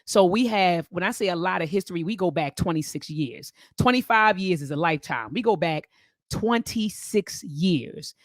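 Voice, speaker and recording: A woman, hosting a casual talk show and telling a story, animated whenever she quotes others. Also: on the low side, fast talker, hardly any pauses, no room sound, clean studio sound. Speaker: host.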